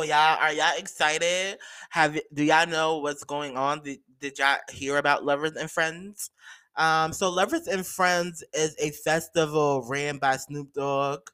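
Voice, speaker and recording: A man talking solo on his podcast, chatty and gossipy, full of slang and fillers. His voice is bright and crisp, a bit high for a man. He takes his time and lets his pitch swing widely. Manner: animated and gossipy, with slangy asides and many fillers. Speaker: podcast host. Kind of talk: casual solo podcast chat.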